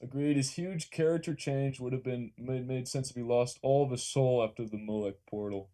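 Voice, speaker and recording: A young Californian with a Californian accent chats casually on a live stream, reading and answering questions from chat in a laid-back manner and swearing freely. His voice is medium-pitched, steady and dark in tone, at a moderate pace.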